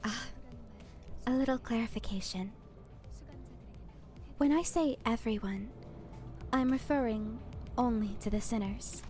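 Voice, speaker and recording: A calm, precise guide explains the rules in a measured, mellow voice that sits fairly high, read by a woman. The delivery is patient and exact, with faint music underneath. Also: lightly acted. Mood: composed.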